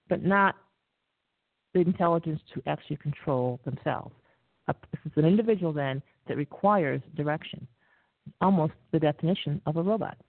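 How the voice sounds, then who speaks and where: A woman hosting a talk radio show, lecturing in a measured way with frequent pauses and fillers. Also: sits low, dry recording. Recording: tinny dry phone-line audio.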